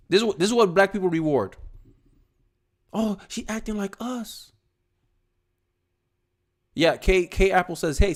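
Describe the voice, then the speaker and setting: A young man giving casual, animated political commentary on his own livestream, with quick asides and repeated words when he gets going. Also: a little high.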